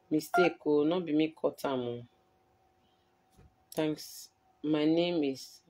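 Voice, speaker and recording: A woman's voice: low voice, slow, long pauses. A woman with a Nigerian Pidgin English accent talking on a live stream, aggrieved and defensive as she replies to viewers. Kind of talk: emotional live-stream talk.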